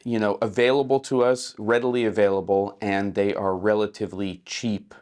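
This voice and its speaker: Male host, low, smooth voice, relaxed how-to chat, slightly rough morning voice, small hotel room. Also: moderate pace. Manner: relaxed, conversational, many fillers. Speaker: filmmaker host. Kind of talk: casual how-to explanation.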